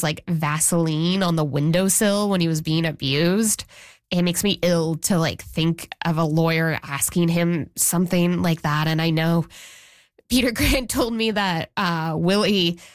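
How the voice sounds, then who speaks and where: A woman journalist speaks in a slightly low voice, recounting events casually. She restarts her sentences often and slips into quoted speech. The recording is dry and close. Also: dry recording. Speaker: journalist guest. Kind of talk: interview conversation.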